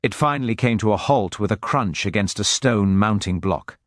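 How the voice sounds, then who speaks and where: A man reading a mystery story aloud in steady, scripted narration. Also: lowish voice, moderate pace, no echo, studio quality.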